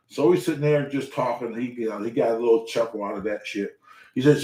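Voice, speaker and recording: A man hosting a show, telling a story in casual, profane speech and acting out the quotes. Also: moderate pace. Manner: animated, profane, acts out quotes with loud pitch jumps. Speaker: show host. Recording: echoey room.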